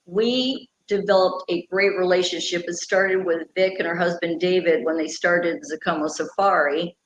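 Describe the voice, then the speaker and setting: A middle-aged woman, a radio personality and conservation founder, is interviewed conversationally and speaks earnestly and passionately at length about her conservation work. Her voice is on the low side and steady at normal speed, recorded in an echoey room with a faint background hum.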